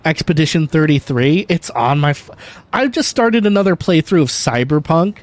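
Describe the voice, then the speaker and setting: A man's voice: fairly high pitch, expressive, moderate pace. A man chatting casually and jokingly on a gaming livestream, swearing and talking to his viewers. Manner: chatty, jokey, swears and laughs easily. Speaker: streamer.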